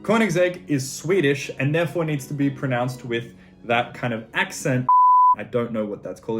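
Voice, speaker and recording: An Australian man hosting a comedic car-brand pronunciation tutorial, emphatic and quick to mock himself. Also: on the high side, faint music behind. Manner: joking, self-mocking, emphatic. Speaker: car video host.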